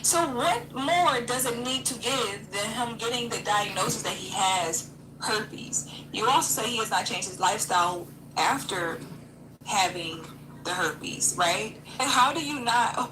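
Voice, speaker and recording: A woman's voice: mid-range voice, expressive, measured pace. A woman co-hosting a reaction video, questioning and blunt in casual commentary. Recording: roomy room with background noise.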